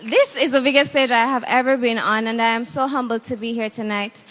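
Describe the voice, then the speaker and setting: A woman's voice: a little high, fairly even intonation, brisk, a bit bright. A woman in her twenties from Jamaica introducing herself earnestly as a pageant contestant. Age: 20s. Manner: earnest, prepared.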